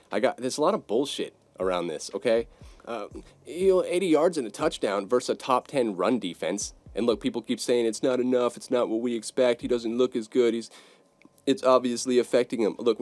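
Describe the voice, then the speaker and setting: A man hosting a sports podcast, ranting in a brash, profane, casual way, swinging between loud outbursts and low muttered asides. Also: no echo.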